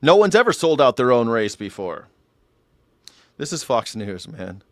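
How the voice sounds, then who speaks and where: A man's voice: mid-range voice, big pitch swings, a little slow, dry recording, studio quality. A man hosting a live news reaction show, sarcastic and mocking, with frequent profanity.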